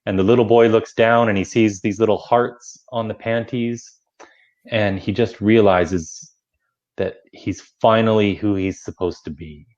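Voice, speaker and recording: A man with a fairly low voice earnestly recounting a story as a talk-show guest. His audio is dull and lo-fi, as though coming in over a remote connection. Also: fairly even intonation, a little slow, a little mellow. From Canada. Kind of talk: casual talk-show chat.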